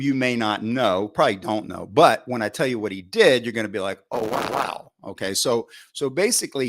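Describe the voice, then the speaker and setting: With a fairly low voice, a middle-aged football coach guesting on a podcast tells animated coaching stories. He voices his past thoughts as if reliving them, restarting often and filling gaps with "you know."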